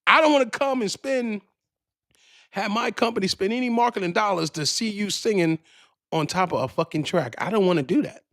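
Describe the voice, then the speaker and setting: A man's voice: high voice, a little fast, a bit bright, no room sound. A man hosting a podcast, ranting casually in a profane, rambling way, often restarting his sentences, into a studio microphone. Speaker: podcast host. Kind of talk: casual rant.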